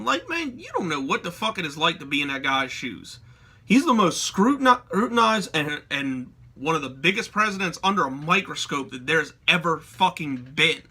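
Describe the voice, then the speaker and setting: Brief: young adult man, hot-tempered profane vlog rant, tense sharp voice, sits a bit high. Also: very animated, normal speed, husky. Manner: heated, swearing, slangy. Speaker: vlogger. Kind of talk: profane ranting commentary.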